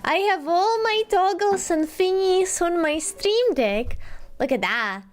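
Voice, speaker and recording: A woman's voice: very high voice, lively intonation, slow. A woman streamer chatting casually with her viewers in a bubbly, giggly way, repeating her greetings again and again. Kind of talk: casual livestream chat.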